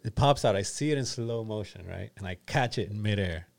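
A man's voice: lowish voice, brisk, vocal fry, darkish tone, no echo. A man telling a crude, laughing story in casual podcast chat.

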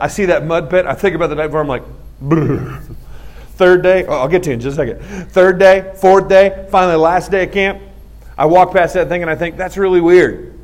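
Comic storyteller, male, high voice, lively and animated with put-on voices. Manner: animated, acts out voices, laughs at own story. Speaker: comedian telling a story. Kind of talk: stand-up storytelling.

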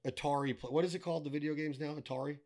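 A man's voice: on the high side, fairly even intonation, rapid-fire, darkish tone. A middle-aged man talking casually as a podcast guest, blunt and given to swearing, ranting with wry humor. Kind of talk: casual chat.

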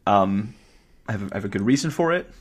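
A man co-hosting a casual gaming podcast, chatty and quick to laugh. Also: on the low side. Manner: laughs easily, animated. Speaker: podcast co-host.

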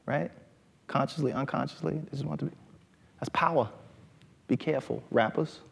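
A man giving an animated talk to a live audience in a lecture hall, often asking "right?". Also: mid-range voice, normal speed, vocal fry, husky.

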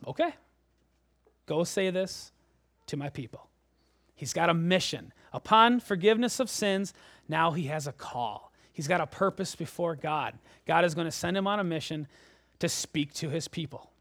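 A man preaching a sermon, animated, moving between loud emphasis and hushed low lines. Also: no room sound, studio quality. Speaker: pastor.

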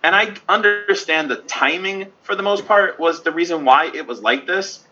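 A man chats casually on a gaming podcast, ranting with lively asides. His voice is very bright and a bit husky. The audio is somewhat dull and lo-fi. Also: sits high. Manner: animated, ranting, quick asides. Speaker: podcast co-host. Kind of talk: casual chat.

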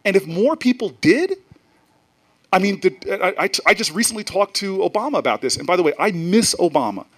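A man from New Jersey, a senator, giving an animated public talk to an audience, telling stories with frequent restarts and asides. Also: sits high, moderate pace, long pauses, slight background noise.

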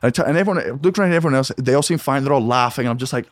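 A man, a comedian guest on a podcast, telling a story in a lively, profane, casual way. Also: mid-range voice, rapid-fire, no room sound, studio quality. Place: home podcast studio.

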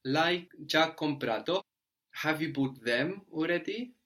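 A man's voice: fairly high pitch, lively intonation, unhurried, a bit bright. Patient man teaching language. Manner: patient, explaining step by step, checks with "no?". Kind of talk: spoken language lesson.

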